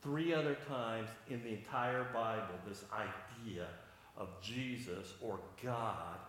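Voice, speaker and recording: A man preaching a sermon, animated, acting out the voices of the people in the story. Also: lowish voice, takes it slowly, roomy sound. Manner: animated, acts out voices of biblical figures.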